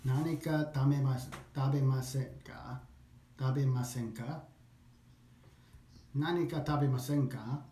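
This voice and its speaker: A man practicing phrases along with a language course, repeating them slowly, thinking aloud and correcting himself. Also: mid-range voice, fairly even intonation, mellow, slight background noise. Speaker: language learner. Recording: echoey room.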